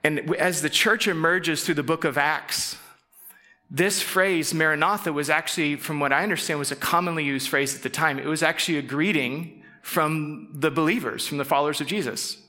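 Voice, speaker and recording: A middle-aged man gives a casual sermon in a fairly high, bright and forceful voice. He moves between chatty storytelling with acted-out quotes and quiet, earnest moments. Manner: conversational, acts out quick quoted voices, drops to soft intense tones. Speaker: pastor.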